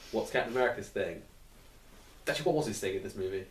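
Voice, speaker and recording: A man's voice: lowish voice, lively intonation, quick pace. Rambling man in a casual film chat. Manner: rambling, swears casually, acts out quotes. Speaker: film reviewer. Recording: echoey room, mic at a distance, faint noise.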